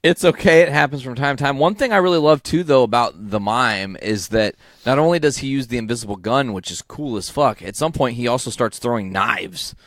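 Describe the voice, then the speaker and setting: A man's voice: medium pitch, brisk, hardly any pauses, no echo, clean studio sound. A man co-hosting a podcast, chatting casually and enthusiastically, with lots of swearing. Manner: enthusiastic, profane, rambling. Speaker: podcast co-host. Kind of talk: casual comic book chat.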